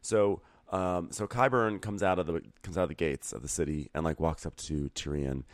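Low-voiced man recapping casually. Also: fairly even intonation, normal speed, no echo, clean studio sound. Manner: rambling, filler-heavy, acts out quotes in a falsetto. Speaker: podcast co-host.

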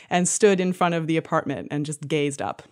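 A woman's voice: deep voice, moderate pace, darkish tone. A woman in casual conversation, recalling memories reflectively and hesitantly. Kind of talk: casual chat.

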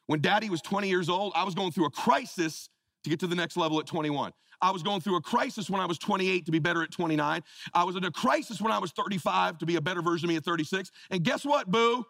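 A high-pitched, gravelly man in his fifties delivers a fired-up motivational talk. He tells stories with voices and shifts to a low, soft tone when he speaks prayerfully. The sound is dry and close. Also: no room sound. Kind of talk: motivational speech on stage.

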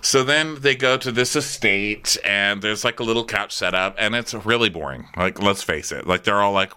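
A man co-hosting a comedy podcast, recapping a reality show in casual chat and mocking the cast in high put-on voices. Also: normal speed, hardly any pauses, sharp tone, clean tone. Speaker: podcast co-host.

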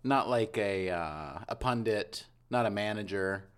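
A man's voice: fairly low pitch, a little slow, a bit bright, smooth. A middle-aged father co-hosting a casual podcast chat, joking and self-deprecating. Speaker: co-host.

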